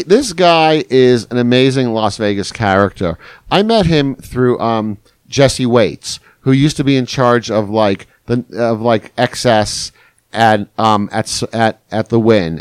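A man talking as a podcast guest, spinning long anecdotes in a loose, rambling way with lots of restarts. His delivery is animated and casual. The sound is dry and close, with no room around it. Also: medium pitch, smooth, no room sound. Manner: rambling, animated anecdote telling with crude quotes. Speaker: journalist guest. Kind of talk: casual storytelling chat.

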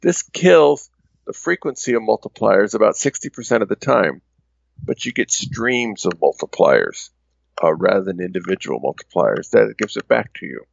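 A low, gravelly man reads a scripted segment in a measured, explanatory tone. The sound is dull and lo-fi, though close and dry. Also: animated, dry recording. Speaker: segment presenter. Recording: dull lo-fi recording.

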